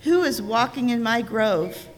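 A woman voicing a stubborn, selfish female lizard who guards a well and calls out loud challenges. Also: a little high, animated, unhurried. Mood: challenging. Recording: reverberant church sanctuary.

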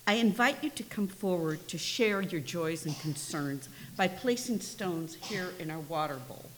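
A woman worship leader calmly asks the congregation to come forward. Her voice is very low and plain. A long sanctuary reverb and a faint hiss surround it. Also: unhurried. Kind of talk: giving service instructions. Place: church sanctuary. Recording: echoey hall, faint hiss.

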